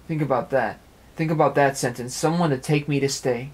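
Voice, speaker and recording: Recorded in an apartment, this young amateur web radio host talks at length in an earnest, meandering monologue, circling back to repeated phrases. His voice is mid-range and brisk, with few pauses.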